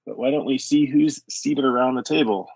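A man's voice: medium pitch, moderate pace, gravelly, darkish tone, slightly rough, dry recording. A man running a tabletop game as game master, easygoing and hesitant with many fillers. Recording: dull lo-fi sound, dry.

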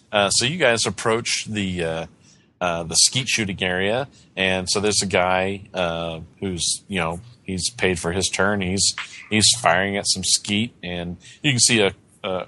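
Deep-voiced male game master. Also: pushed and bright. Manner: halting, full of fillers. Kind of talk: narrating a tabletop game.

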